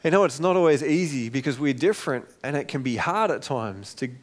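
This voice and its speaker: A man's voice: mid-range voice, a little fast. Man preaching a conversational sermon. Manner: conversational, animated when acting out quotes. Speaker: pastor.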